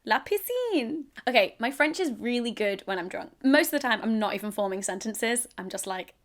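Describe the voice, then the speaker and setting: A woman's voice: medium pitch, a little fast. A woman in her twenties from England, chatting casually to camera as a YouTuber, giggly and self-deprecating. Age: 20s.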